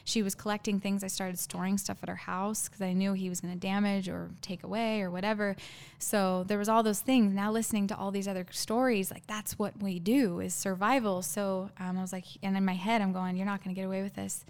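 Smooth-voiced woman recounting a painful story. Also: medium pitch, fairly even intonation, a little mellow. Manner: halting, earnest, many fillers and restarts. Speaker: guest sharing a personal story. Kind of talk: emotional personal storytelling.

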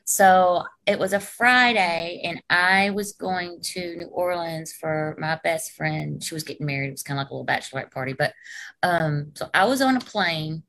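A woman's voice: on the low side, moderate pace, fairly bright tone, rough recording. A woman, a restaurant owner telling her story as an interview guest. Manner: chatty, laughing storyteller.

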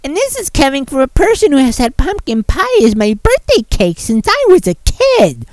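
A man putting on a whiny, high-pitched sniffy commenter. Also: huge pitch swings, normal speed, darkish tone, no room sound, heavily acted.

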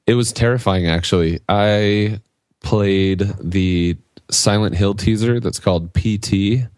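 A man's voice: lowish voice, slow pace, darkish tone, no echo. A man hosting a podcast in casual chat, asking questions and laughing along. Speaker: podcast host.

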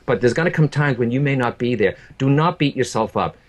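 A man who works as a medium tells an emotional personal story earnestly, repeating words and speaking directly to the listener. His medium-pitched, expressive voice moves a little fast, and the recording sounds muffled.

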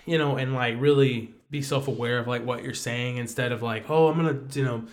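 A man's voice: mid-range voice, flat delivery, a little fast. A young man co-hosting a casual Bible study chat, easygoing, with short reactions and many fillers. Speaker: podcast co-host.

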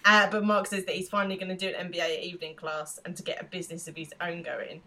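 A woman's voice: on the low side, little pitch movement, fast talker, sharp tone. A woman co-hosting a podcast in casual chat, laughing often as she recaps an episode. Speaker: podcast co-host.

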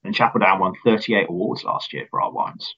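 A man speaking as a company finance chief in an interview, measured and earnest, often repeating words as he starts. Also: sits low, sharp tone, slightly rough, lo-fi sound. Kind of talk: business interview answers.

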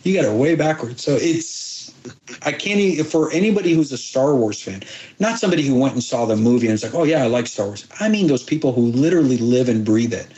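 A man's voice: mid-range voice, animated, dark tone, muffled recording. Earnest middle-aged man telling stories. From abroad, moved to the United States as a child. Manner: earnest, halting, many restarts and quoted dialogue. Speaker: actor guest. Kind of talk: emotional interview storytelling.

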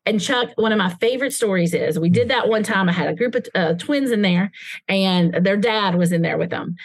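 A woman who leads children's ministry, talking on a podcast and telling stories with lively acted-out quotes. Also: mid-range voice, brisk, slightly rough, no echo. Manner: animated storyteller, acts out kids and parents in quoted voices. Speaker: children's ministry leader, guest. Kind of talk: casual podcast conversation.

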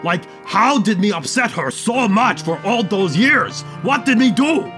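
Childlike cookie monster, broken grammar, high and swoopy. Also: male voice, lively intonation, a little slow, over music. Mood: puzzled.

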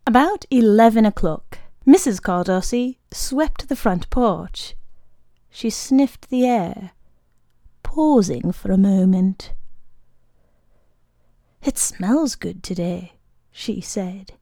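Slow, mellow woman narrating a story. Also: mid-range voice, no echo, studio quality. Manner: calm, measured narration. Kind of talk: audiobook reading of a short story.

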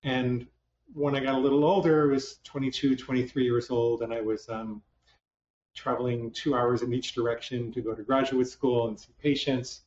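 A man's voice: mid-range voice, little pitch movement, moderate pace, darkish tone, a little hiss or hum. A man, a psychologist, giving a conversational talk to a live audience with self-deprecating humor and many restarts, recorded in a hall. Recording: roomy, distant, dull lo-fi hall sound.

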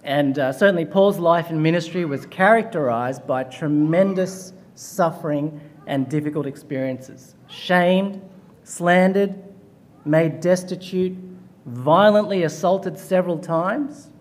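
A man's voice: on the high side, a little slow, darkish tone. A man preaching a chapel sermon, telling a story with light humor before working through a passage.

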